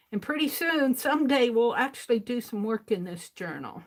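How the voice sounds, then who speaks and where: An older woman hosting an art livestream, chatting casually to herself as she works and counting items out loud. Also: fairly high pitch, expressive. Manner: unhurried, talks to herself while working, counts items aloud. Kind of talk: casual crafting livestream chat.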